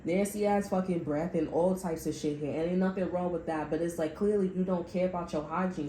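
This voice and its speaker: A woman's voice: on the low side, fairly even intonation, a little fast, warm tone, reverberant, slight background noise, poor audio. A woman giving a tarot reading, talking to her viewers in a blunt, profane, sassy way. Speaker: tarot reader. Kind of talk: casual spiritual reading monologue.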